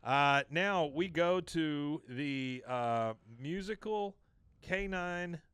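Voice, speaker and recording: A man's voice: fairly high pitch, very slow, clear, resonant tone, dry recording. A man hosting a podcast, casually recapping a cartoon episode and acting out the characters' lines. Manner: animated retelling, quoting lines in varied voices. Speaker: podcast host.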